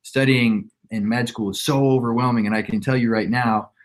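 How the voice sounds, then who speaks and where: A man's voice: mid-range voice, fairly even intonation, normal speed. A young man in his twenties talking casually as a podcast guest, reflective and rambling, with frequent restarts. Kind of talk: casual conversation.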